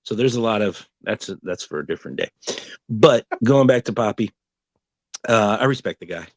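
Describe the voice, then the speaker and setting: Podcast guy telling a story, lowish voice, laughs a lot, dead dry room. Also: normal speed, dry recording. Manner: animated storytelling, quoting others, laughing often. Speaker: podcast co-host. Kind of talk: casual podcast chat.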